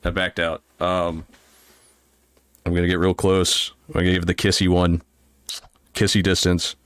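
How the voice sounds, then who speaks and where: A man's voice: low-pitched, completely flat delivery, unhurried, smooth, no echo, studio quality. A man hosting a podcast in casual chat, nervous, giggly and self-deprecating. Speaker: podcast host.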